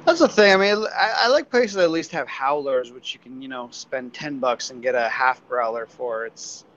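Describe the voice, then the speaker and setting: A man's voice: medium pitch, moderate pace, fairly bright tone, no room sound, lo-fi sound. A man co-hosting a casual beer chat, teasing and making crude jokes. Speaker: beer podcast co-host.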